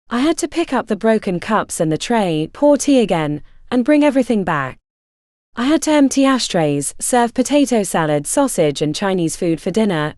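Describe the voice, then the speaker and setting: A woman narrating a literary story in the first person, in a measured storytelling manner. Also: mid-range voice, a little mellow, no echo, studio quality.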